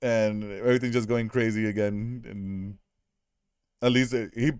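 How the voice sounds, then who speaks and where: Smooth-voiced man recapping a movie casually. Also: fairly low pitch, a little slow, no echo, studio quality. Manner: animated, laughs often, acts out quotes. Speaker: podcast co-host.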